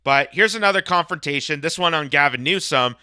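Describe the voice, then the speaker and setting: A sarcastic male commentator rants emphatically through a reaction video. His voice is very bright and crisp, a little higher than usual for a man. The sound is dry and close. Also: fairly quick, no echo. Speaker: commentary host.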